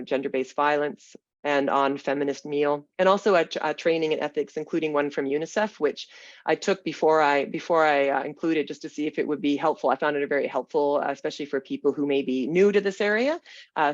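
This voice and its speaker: A webinar moderator with a gravelly voice, irritated by smoky air, speaking in a halting, hedging way over a video call. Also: medium pitch, dry recording. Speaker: panel moderator. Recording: dull, dry video call audio.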